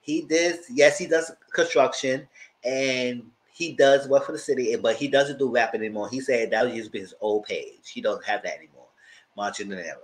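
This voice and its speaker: A man giving a casual, animated recap of a reality show, acting out quotes in a squealing high voice and breaking into loud laughs. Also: moderate pace, rough recording. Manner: loud laughs and shouted asides. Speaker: TV show reviewer.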